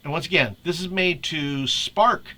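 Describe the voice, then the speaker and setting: A man with a fairly high, pushed and bright voice walks youth ministry leaders through a casual screen-share tutorial at a moderate pace. He's chatty, laughs often and keeps restarting his sentences.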